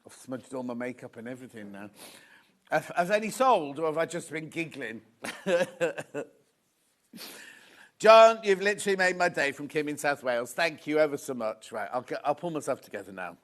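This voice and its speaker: A man's voice: fairly high pitch, expressive, a little fast, a bit bright. A man presenting a live shopping show from a TV studio, from the UK, giggling often as he reads viewer messages aloud.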